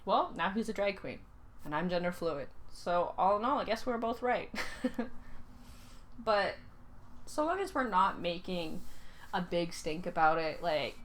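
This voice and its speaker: A young woman from Canada giving casual reaction commentary, often pausing and searching for her words. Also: lowish voice, animated, slight background noise. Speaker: reaction video host.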